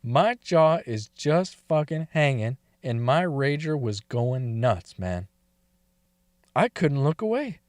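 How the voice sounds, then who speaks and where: Profane man telling a story, slow. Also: mid-range voice, very animated, no room sound, studio quality. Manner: profane, laughs often. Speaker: story reader. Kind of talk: crude first-person storytelling.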